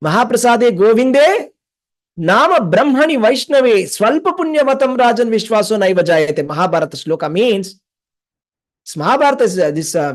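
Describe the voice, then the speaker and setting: A man's voice: sits high, darkish tone. A man teaching a scripture class, telling stories, acting out the dialogue and often checking in with the listeners. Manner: repetitive, asks the class questions, acts out dialogue. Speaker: spiritual teacher. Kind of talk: class lecture with storytelling.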